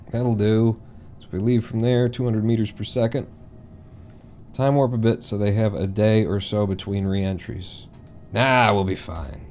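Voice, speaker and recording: A male streamer commenting on his gameplay live in a loose, rambling way, talking to himself and breaking into loud swearing when the game goes wrong. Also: fairly low pitch, steady tone, a little slow, slight background noise. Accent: East Coast American, put on.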